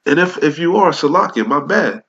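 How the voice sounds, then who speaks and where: A man with a cold preaches angrily on the street, swearing as he rebukes his listeners and reads old English scripture aloud. His voice is on the high side, animated and brisk, and the dull lo-fi recording is very noisy.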